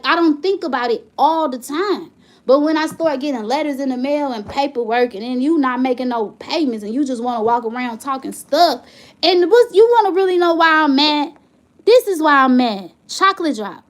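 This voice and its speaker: A high-pitched woman vents to the camera. She talks in a heated, rambling way and circles back over the same points. It sounds like a candid home vlog. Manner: heated, rambling, repeats herself when upset. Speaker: vlogger.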